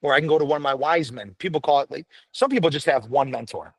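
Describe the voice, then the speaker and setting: A man's voice: a little high, fast, breathy edge, no echo, rough recording. A middle-aged man, a veteran firefighter, talking bluntly and with lots of swearing as a podcast guest. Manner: blunt, profane, animated storytelling. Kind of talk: candid podcast conversation.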